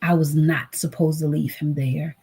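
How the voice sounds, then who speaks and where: Husky low-voiced woman telling her story. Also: flat delivery, normal speed, dark tone. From United States. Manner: earnest, acts out quoted voices. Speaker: guest, trauma advocate. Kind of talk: emotional personal storytelling.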